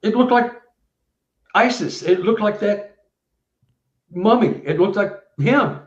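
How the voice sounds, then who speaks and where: A man voicing a rattled eyewitness who excitedly and repetitively describes what he saw. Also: sits high, slow pace, reverberant, lo-fi sound, pitched above the performer's own voice.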